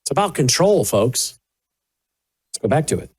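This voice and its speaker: A man's voice: mid-range voice, big pitch swings, normal speed, darkish tone, breathy edge. A man hosting a political commentary show, talking indignantly and with sarcasm over played clips. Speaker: host.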